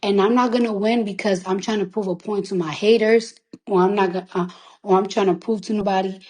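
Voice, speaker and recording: A woman's voice: mid-range voice, steady tone, brisk, a little mellow. A woman recording artist talking through tears on a phone livestream, emphatic and defiant, swearing freely and repeating lines to drive them home. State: tearful. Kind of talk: emotional livestream monologue.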